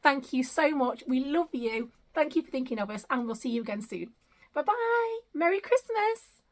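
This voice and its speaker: A middle-aged woman from the UK chats through a casual home unboxing vlog in a high, light voice. She gushes and exclaims over each gift, thanking viewers again and again. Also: brisk. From United Kingdom. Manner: gushing, grateful, repeatedly exclaiming. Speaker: vlogger. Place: home, indoors.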